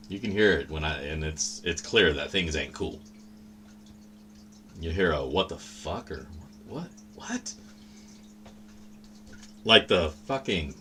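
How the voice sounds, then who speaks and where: A man's voice: low voice, pushed and bright, a little hiss or hum. A man hosting a livestream, chatting casually in a rambling, profane, laid-back way. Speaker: livestream host.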